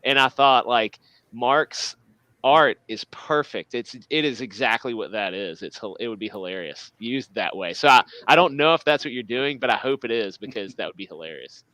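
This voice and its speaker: A man co-hosting a live podcast, chatting in a rambling, animated way. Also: mid-range voice, moderate pace, no room sound. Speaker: podcast co-host. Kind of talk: casual chat.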